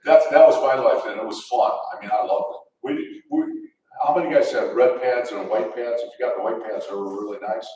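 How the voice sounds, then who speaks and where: Speaking a touch quickly in a mellow, sing-song mid-range voice, this older Detroit-area man chuckles through meandering football anecdotes for a luncheon audience, frequently starting over. It's captured from afar in a reverberant event hall.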